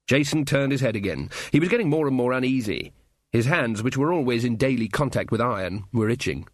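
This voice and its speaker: A man's voice: mid-range voice, lively intonation, fairly quick, no echo. A man narrating an audiobook with a dry, wry storytelling manner. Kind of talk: scripted narration.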